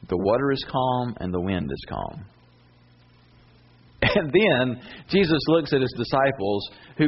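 A man preaching a sermon, telling a story with animated swings between high emphatic bursts and low intense asides. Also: husky. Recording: dull lo-fi sound with faint hiss.

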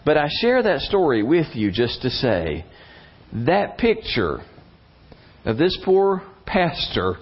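A male pastor tells a sermon story in an animated way, his voice climbing high at the tense parts. His voice sits a little high for a man. The recording is slightly dull and lo-fi. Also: slow, breathy edge.

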